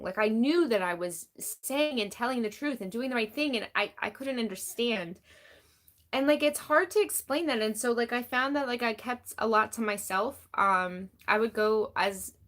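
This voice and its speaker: A woman with a mid-range, slightly bright voice talks casually on a live stream. She's candid and rambling, says "like" constantly, and reads and answers chat comments as she goes.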